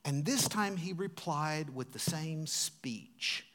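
A man preaching a sermon in a church. His delivery is dramatic and swings from loud, emphatic lines down to hushed, near-whispered ones. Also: fairly high pitch, animated, takes it slowly. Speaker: pastor. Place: church sanctuary.

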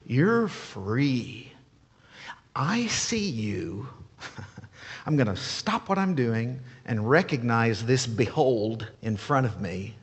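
A pastor acts out a gentle healer who speaks softly and personally to a woman. The tone is husky and warm-hearted. His words carry in a long, echoing hall. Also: medium pitch, sing-song, slow, exaggerated voice. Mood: tender.

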